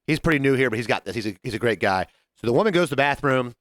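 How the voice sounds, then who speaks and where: A man's voice: medium pitch, racing. A man co-hosting a casual bar-industry podcast, telling work stories and acting out what people said. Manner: animated storyteller, acts out quotes. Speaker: podcast co-host, bartender. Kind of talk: casual chat.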